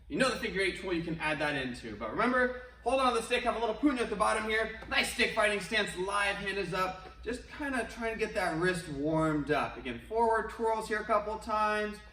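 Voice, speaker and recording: Male martial arts instructor, high voice, upbeat and encouraging, echoey room and set back from the mic. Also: sharp tone. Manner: upbeat, encouraging, chatty with asides. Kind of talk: online workout class instruction. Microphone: wears a face mask while talking. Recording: roomy echo, distant from mic.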